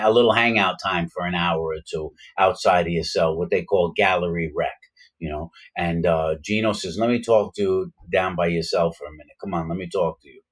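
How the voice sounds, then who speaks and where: Deep-voiced man telling a story. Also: poor audio. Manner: rambling, heavy on fillers and restarts; grows louder and more excited as the story builds. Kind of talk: casual storytelling.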